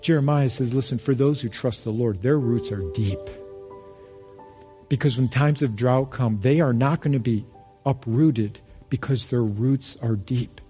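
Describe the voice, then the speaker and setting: A male pastor preaching a sermon, telling stories with emphasis and going quiet on key phrases. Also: medium pitch, unhurried, soft background music. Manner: storytelling, quotes others in lively voices.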